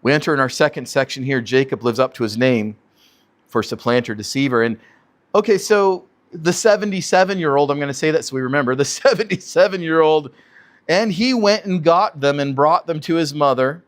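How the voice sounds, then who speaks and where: A man, a pastor, teaching verse by verse with animated delivery, rhetorical questions and chuckling asides. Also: on the high side, a little fast.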